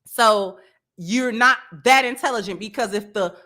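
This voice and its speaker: A woman's voice: fairly high pitch, unhurried, pushed and bright. A woman hosting a commentary video, speaking bluntly and scolding. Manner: blunt, scolding, repetitive emphasis. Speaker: commentary channel host. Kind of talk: reaction commentary.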